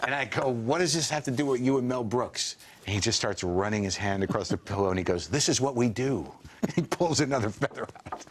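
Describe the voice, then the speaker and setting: A man in his forties, a comedian guest on a talk show, telling animated anecdotes full of quoted voices. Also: medium pitch, a little fast, a little hiss or hum. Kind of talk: storytelling in a talk show interview.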